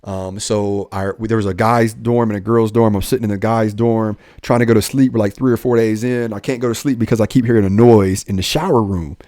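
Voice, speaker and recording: A young man, a police officer, telling his life story in a casual podcast chat, goofy and animated, acting out the lines he quotes. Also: lowish voice, a little fast, few pauses, no echo, clean studio sound.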